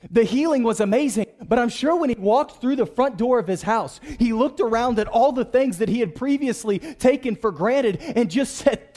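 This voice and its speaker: Lively high-voiced male preacher. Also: normal speed, few pauses, big-room sound. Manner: preaching with call-and-response to the congregation. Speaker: pastor. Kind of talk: sermon. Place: church.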